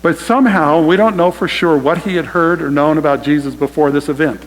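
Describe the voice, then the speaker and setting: A pastor preaches to his congregation in a church sanctuary, his fairly quick, high-leaning voice echoing in the big room on a rough recording. He's emphatic and direct, often addressing them as "you guys."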